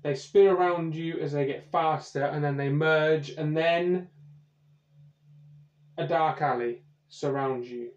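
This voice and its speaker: Brief: male game master for a comedy podcast, slow deliberate narration, dull echoey recording. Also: a little high, fairly even intonation.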